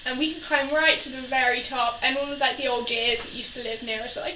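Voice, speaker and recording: A woman's voice: high voice, steady tone, brisk, bright, forceful tone. A young woman telling childhood stories in a casual vlog, giggling and acting out the people she quotes. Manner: giggly, acts out quoted voices. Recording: echoey room from a distance, faint noise.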